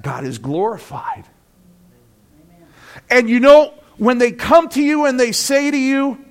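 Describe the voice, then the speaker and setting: A male pastor with a very high voice preaches slowly and animatedly. He acts out the voices of friends, and his sermon builds to loud peaks.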